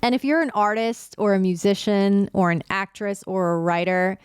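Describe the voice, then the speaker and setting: A woman's voice: medium pitch, fairly even intonation, normal speed, clear, resonant tone, dry recording, clean studio sound. A woman in her late twenties or thirties hosting a casual solo podcast, talking candidly and with feeling and swearing freely. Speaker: podcast host.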